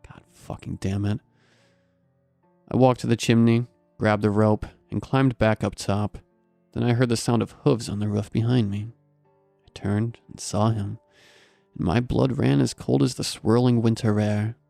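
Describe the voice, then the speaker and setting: Male horror-story narrator: wry scripted delivery, low pitch, dry close sound. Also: steady tone, moderate pace, creaky, mellow, dry recording, faint music behind.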